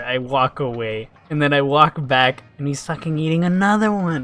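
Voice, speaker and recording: A man chatting casually while streaming a video game, rambling and swearing, breaking into laughs and sudden excited yells. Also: mid-range voice, normal speed, few pauses, soft background music. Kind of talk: casual live-stream chat while gaming.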